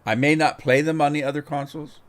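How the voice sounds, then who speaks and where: A fast-talking middle-aged man with a voice on the high side and a flat delivery hosts a game livestream. His talk is casual, rambling chat during play, with words often repeated as he thinks.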